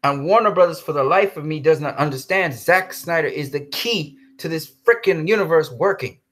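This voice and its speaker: A man's voice: on the high side, expressive, moderate pace, a bit bright. A man ranting heatedly in a commentary vlog, swearing and then apologizing for cursing. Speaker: commentary vlogger.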